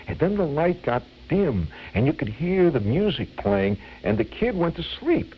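An older man telling a childhood memory as a vivid, animated radio storyteller. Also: on the high side, unhurried, few pauses, dull audio, slight background noise.

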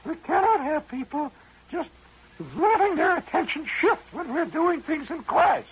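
A woman's voice: sits high, expressive, unhurried, lo-fi sound, voice pushed up. A man doing a strict, scolding schoolteacher lady. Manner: prim, scolding, insistent. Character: strict, stern female first-grade teacher.

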